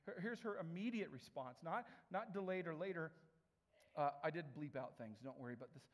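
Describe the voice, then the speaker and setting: Man, lively anecdotal talk, slightly high, reverberant hall. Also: a little fast. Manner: animated, laughing asides, lively impressions. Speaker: speaker. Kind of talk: storytelling talk.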